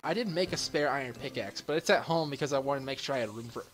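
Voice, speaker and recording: A man giving excitable commentary while playing a game, exclaiming and laughing often. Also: medium pitch, fast, soft background music. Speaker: gaming channel host.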